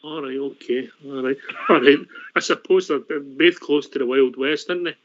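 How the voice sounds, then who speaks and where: A man's voice: mid-range voice, normal speed. A Scottish man hosting a football phone-in show, jokey and teasing his callers. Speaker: host. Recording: dull lo-fi line.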